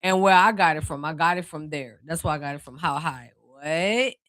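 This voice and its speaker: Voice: mid-range voice, dry recording. Reassuring tarot reader with a New Orleans accent. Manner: reassuring, speaks straight to the viewer; relaxed, drawn-out phrasing with many fillers. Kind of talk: casual spiritual card reading.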